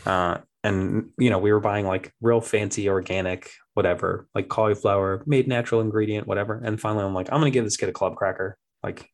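A young man, guesting on a podcast, tells animated stories about parenting, slipping into a high voice to imitate his toddler. The chat is casual, and he talks a little fast with hardly any pauses.

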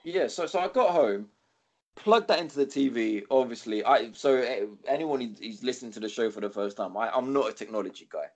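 Chatty male co-host; animated, sweary storyteller with a lively pitch. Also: brisk. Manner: rambling, swears freely, animated quoting. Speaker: podcast co-host. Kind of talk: casual storytelling chat.

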